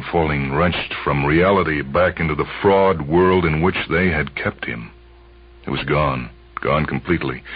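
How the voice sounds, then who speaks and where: A man narrating a dramatic story in a measured, brooding way, heard on an old, dull radio recording. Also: very deep voice.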